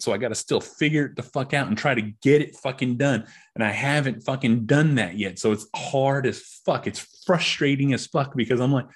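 A man's voice: mid-range voice, breathy edge. A middle-aged man hosting a solo podcast, ranting in a frustrated, profane, repetitive way. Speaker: podcast host.

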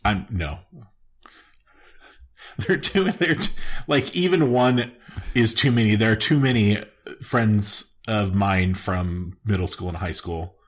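A man's voice: on the low side, unhurried, pauses often. A man in his thirties co-hosting a podcast in casual chat, with a dry, self-deprecating manner. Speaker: podcast co-host.

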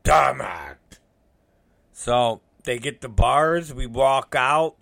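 The recording is dry, capturing a middle-aged man's medium-pitched, fairly bright voice at a slow pace. He tells a casual, rambling story, swearing heavily and playing out others' lines.

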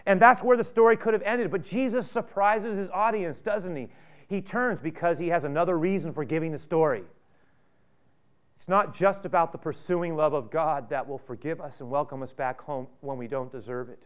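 A man's voice: on the high side, normal speed. A male pastor preaching a sermon, retelling a story in a conversational way with rhetorical questions.

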